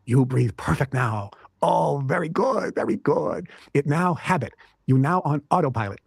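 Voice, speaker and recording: A man imitating an older Chinese kung fu master who speaks slow, broken English with a heavy Chinese accent. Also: fairly high pitch, expressive, gravelly, breathy edge, dry recording, studio quality, exaggerated voice. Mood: approving.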